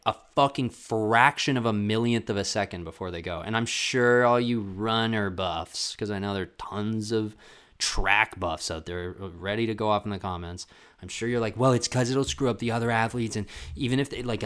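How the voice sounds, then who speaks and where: A young man from Canada hosting a solo podcast, ranting casually and profanely with lots of filler words. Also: on the low side. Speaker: podcast host.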